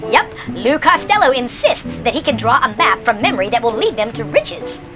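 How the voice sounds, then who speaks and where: A woman playing a matter-of-fact crew member who talks in a deadpan, reasoning way. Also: fairly high pitch, normal speed, over music.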